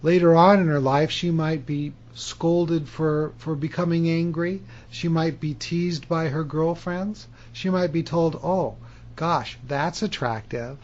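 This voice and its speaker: Animated self-help author, slightly high voice. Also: male voice, measured pace, hardly any pauses, muffled recording. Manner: animated, emphatic storytelling. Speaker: author and hypnotherapy teacher. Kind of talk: self-help video monologue.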